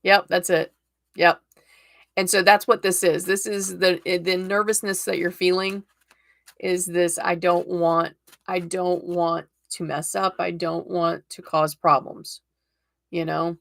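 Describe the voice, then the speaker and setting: A woman reads tarot cards on a live stream, talking in a casual, encouraging way and laughing often. Her voice sits low and has a gravelly texture. The sound is dry and close, with no room echo. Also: level tone, unhurried. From United States.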